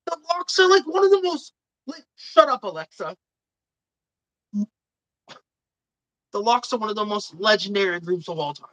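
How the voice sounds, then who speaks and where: A woman's voice: mid-range voice, animated, a little slow, pauses often, a bit bright, dry recording, poor audio. Swearing, indignant woman streamer, dry mic. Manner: swears a lot, indignant and opinionated. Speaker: live stream host. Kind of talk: casual live stream chat.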